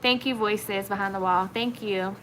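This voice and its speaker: Reading comments aloud on her casual livestream, a Blue Ridge Virginia woman with a Southern accent chats along, using plenty of fillers. Her mid-range voice is steady and fairly bright at a moderate pace, and the rough recording has a little hiss or hum.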